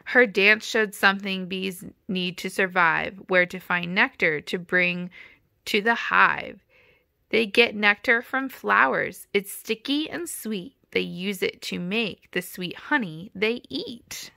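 A woman narrates a rhyming children's picture book in a rhythmic storytelling manner. Her reading is slow, with a gravelly grain. The tone is bright and dry, close to the mic. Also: medium pitch, no echo. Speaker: storybook reader. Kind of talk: children's read-aloud narration.

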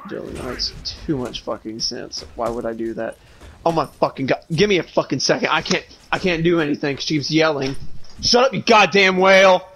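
A man's voice: a little high, brisk, a little hiss or hum. A man in casual gaming chat with friends, bantering in a crude, teasing way. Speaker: gamer.

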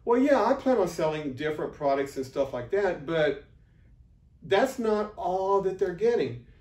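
A fairly high-voiced man talks off the cuff in an unscripted marketing vlog. He rambles, restarts his sentences and turns blunt when he gives his pep talk. The mic sits back from him in a roomy space. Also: big pitch swings, measured pace, darkish tone, recorded from a distance. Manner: rambling, full of fillers and restarts. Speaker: affiliate marketer.

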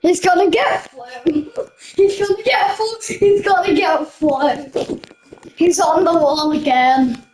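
A young woman playing a video game with excitable live commentary, giggling and shouting out reactions. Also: extremely high pitch, takes it slowly. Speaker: gamer. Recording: noisy game sounds with gunfire behind.

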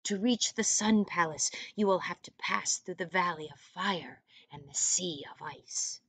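A woman reading aloud voices a wrinkled old man at a mountain hut, speaking in a hushed, croaky way with whispered parts. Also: on the low side, measured pace, dry recording, exaggerated voice. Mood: ominous.

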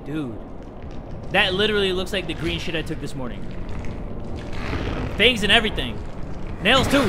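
A man commentating his horror game playthrough, joking around and shouting at jump scares. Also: sits high, normal speed, long pauses, over music. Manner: excitable, jokey, screams at jump scares. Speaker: gaming YouTuber. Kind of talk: let's play commentary.

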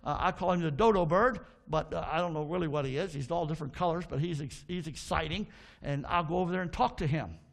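A pastor preaching a sermon in a church, fervent, calling out to the congregation for responses and dropping into folksy asides. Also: male voice, fairly high pitch, quick pace, creaky. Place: church sanctuary.

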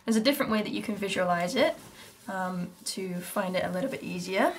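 A British woman teaching handpan rhythms, chatty and explanatory, who counts the beats out loud. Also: mid-range voice, a little fast, background noise. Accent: British English. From Britain. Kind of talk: music lesson. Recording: music playing in background. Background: handpan music.

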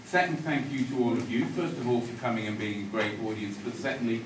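A man's voice: medium pitch, fast talker. A man on a school stage thanking the audience after a play, chatty, self-mocking and laughing often. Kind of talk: joking stage thank-you speech. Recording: echoey hall, mic far off, loud crowd and noise.

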